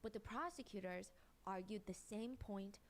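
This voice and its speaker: Woman, true-crime commentator, conversational explaining, middle pitch, faint background hiss. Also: moderate pace. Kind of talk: recapping a trial to a co-host.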